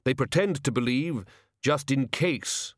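A man reading a storybook, voicing a solemn hooded male gift-giver who speaks in a heavy, puzzled, slow way. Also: mid-range voice, no room sound, clean studio sound, pitched above the performer's own voice, lightly acted. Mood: grave.

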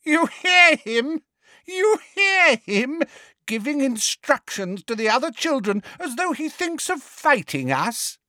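A man voicing a deranged female witch who taunts in a shrill, mocking baby voice. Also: sing-song, slow, pushed and bright, no room sound, clean studio sound, exaggerated voice.

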